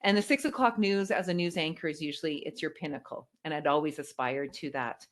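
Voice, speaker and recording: A middle-aged Canadian woman, a former news anchor, telling her career story in a keynote with lively, polished delivery. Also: deep voice, a little fast. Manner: lively storytelling, animated emphasis. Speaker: keynote speaker. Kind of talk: motivational keynote speech.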